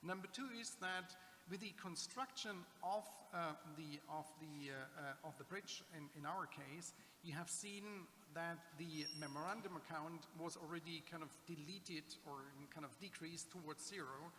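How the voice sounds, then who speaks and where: A man whose first language is German answers audience questions from a conference panel, pausing and restarting often. His voice sits fairly high and sounds bright. Long reverb from the hall and a faint hiss sit behind him. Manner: halting, many fillers and restarts. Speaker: conference speaker on public-sector accounting.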